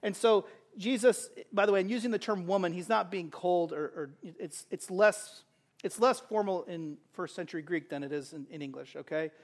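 High-voiced impassioned male preacher. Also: moderate pace. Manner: impassioned, swinging between loud urgent calls and soft intimate asides; conversational, with frequent rhetorical "right?". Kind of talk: sermon.

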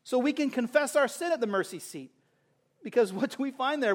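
A male preacher with a very high voice delivers an impassioned sermon. He swings between loud, urgent appeals and hushed, close asides. He keeps it conversational with frequent rhetorical questions. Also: lively intonation, a little fast.

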